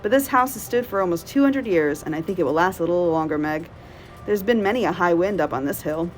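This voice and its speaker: A calm, practical mother, brisk and lightly reassuring, as a woman reader voices her. She speaks a little higher than the reader's own voice. It is a storybook read-aloud. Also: slight background noise, natural voice.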